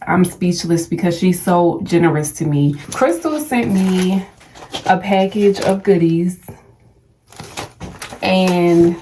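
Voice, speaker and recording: A young woman records a casual perfume unboxing on her phone, excited and gushing as she stumbles over brand names. Her voice sits a little low, and she talks slowly and unhurriedly. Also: a little hiss or hum. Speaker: perfume vlogger.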